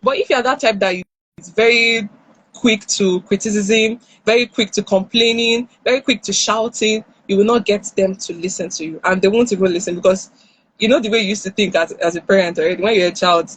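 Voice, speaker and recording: On a live stream captured through a phone or headset with poor audio, a parenting speaker with a Nigerian accent talks a little quickly in a mid-range, breathy-edged voice. She is animated, playing out both the parent's and the child's lines as she offers advice.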